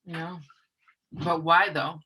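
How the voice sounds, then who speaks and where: Bright-voiced woman telling a painful story. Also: deep voice, fairly even intonation, husky, low-quality recording. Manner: earnest, repeats herself, halting restarts. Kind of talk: emotional personal storytelling.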